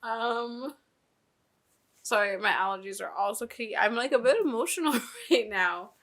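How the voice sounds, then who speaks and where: A woman's voice: a little high, a little slow, a bit bright. A woman hosting a reaction video, talking emotionally in a casual way, often breaking off mid-sentence with nervous laughs. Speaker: reaction channel host.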